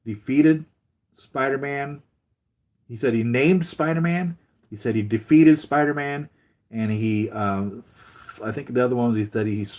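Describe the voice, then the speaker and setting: Male channel host with a low voice, casual and rambling, full of fillers and restarts. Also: a little mellow. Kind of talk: casual chat.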